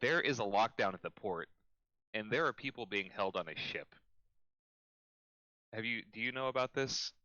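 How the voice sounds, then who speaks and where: A man voicing a cautious, earnest young man who speaks in a careful, hushed way. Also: lowish voice, expressive, normal speed, long pauses, no echo, lo-fi sound.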